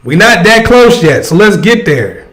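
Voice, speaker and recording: A man's voice: high voice, big pitch swings, unhurried, fairly bright tone. A man hosting a casual livestream, giving advice and talking straight to his chat. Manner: conversational, addresses chat directly. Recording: echoey room sound.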